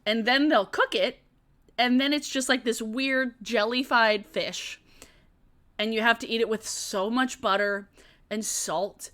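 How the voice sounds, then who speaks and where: A young woman hosts a relaxed live-stream Q&A, reading out chat questions and answering them off the cuff. Her voice is bright and a little high, and she laughs easily and swears without a second thought. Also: unhurried. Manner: chatty, laughs often, swears casually.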